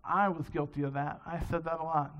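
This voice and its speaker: A man's voice: fairly high pitch, steady tone, a little fast, a bit bright. A man preaching a sermon in a conversational, storytelling way, in a dull lo-fi recording. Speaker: pastor. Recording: dull lo-fi sound.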